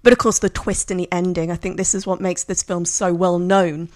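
A woman in casual conversation, describing a film she picked in an expressive, storytelling way. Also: on the low side, brisk, dry recording. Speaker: podcast co-host.

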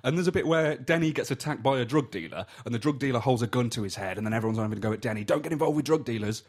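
Husky-voiced man chatting about a film. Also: very fast. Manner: lively, imitates film lines in high voices. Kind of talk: casual film chat.

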